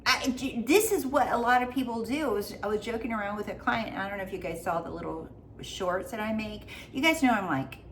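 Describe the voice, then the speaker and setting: A woman's voice: medium pitch, brisk, few pauses, a little hiss or hum. A woman life coach giving a casual motivational talk, goofy, blunt and freely swearing.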